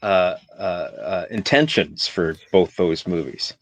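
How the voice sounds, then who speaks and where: A man talking casually about films as a guest, animated and opinionated, and prone to ranting. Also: low voice, slow. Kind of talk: casual film chat.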